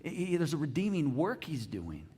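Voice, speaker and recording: A middle-aged man preaching a sermon as pastor, animated, swinging from loud emphasis to soft hushed lines and asking the congregation questions. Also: fairly high pitch, moderate pace, slightly rough. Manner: repeats words on restarts, asks the congregation questions.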